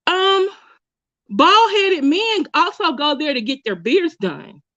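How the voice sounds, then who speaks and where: A woman talks through a story in casual commentary, blunt and chatty, often restarting her sentences mid-thought. Her voice sits high. The recording is dull and lo-fi. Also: lively intonation, slow pace, pushed and bright. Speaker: commentary YouTuber.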